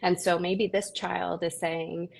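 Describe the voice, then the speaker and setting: Earnest, gravelly-voiced woman on a video call. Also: on the low side, slow pace. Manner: earnest, animated storytelling with quoted asides. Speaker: guest, parenting content creator. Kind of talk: casual live video chat.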